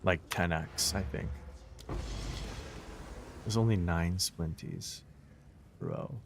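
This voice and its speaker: A low-pitched man chats casually while he plays, musing aloud about his choices. His voice sounds dry and worn, and steady noise hums behind him. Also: takes it slowly. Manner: laid-back, musing aloud. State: parched, losing his voice. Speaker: streamer. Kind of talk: casual gameplay commentary.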